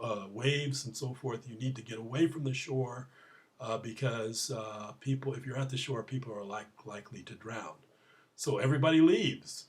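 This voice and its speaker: Halting man full of "uh" pauses. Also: mid-range voice. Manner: halting, many "uh" fillers, acts out quoted voices loudly. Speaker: program creator telling stories. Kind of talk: casual spoken message with jokes.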